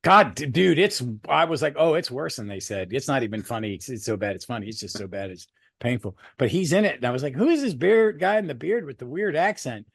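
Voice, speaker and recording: A man co-hosting a podcast, chatting casually about a superhero movie, rambling and swearing freely with animated bursts. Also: medium pitch, fairly quick, creaky, breathy edge, dry recording. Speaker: podcast co-host. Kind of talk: casual movie review chat.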